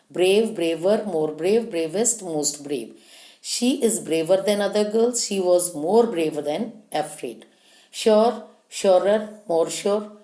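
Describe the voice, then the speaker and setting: A woman teaching a grammar lesson, slowly listing word forms and spelling out letters one by one. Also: on the low side, dark tone. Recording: echoey room.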